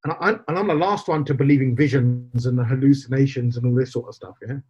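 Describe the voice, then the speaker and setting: A man's voice: mid-range voice, fast talker, a little mellow, husky. A man, telling a personal story as a podcast guest, acting out quoted dialogue and slipping in Punjabi phrases. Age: 40s. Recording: slightly dull lo-fi podcast audio.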